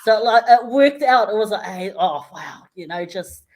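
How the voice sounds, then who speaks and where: A woman with a New Zealand English accent, a guest in a casual radio interview, telling a story lively and acting out the people she quotes. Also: medium pitch, normal speed. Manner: lively storyteller who acts out quoted voices, often laughing. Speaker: interview guest, community health worker.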